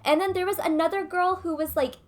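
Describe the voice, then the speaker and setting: A woman's voice: very high-pitched, steady tone, fast talker. A young woman vlogger retelling a personal story in a chatty, casual way with lots of fillers. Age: young adult. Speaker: gaming vlogger.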